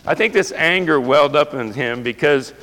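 Gravelly-voiced preacher in a reverberant hall. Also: male voice, fairly high pitch, animated, normal speed, a bit bright. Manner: impassioned, asks the congregation rhetorical questions. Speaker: pastor. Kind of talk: sermon. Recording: long reverb of a large hall.

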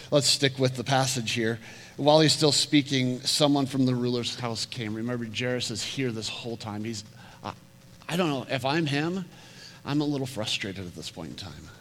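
Animated preacher in a reverberant hall. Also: male voice, medium pitch. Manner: animated storytelling, acting out quoted voices, often repeats words. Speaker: pastor. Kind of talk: sermon. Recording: hall reverb with faint hum.

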